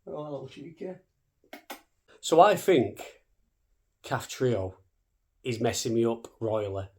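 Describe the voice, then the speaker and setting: A man in his thirties talking fast and cheekily to camera in a casual vlog, swearing freely. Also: medium pitch, a little mellow. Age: 30s. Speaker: vlogger.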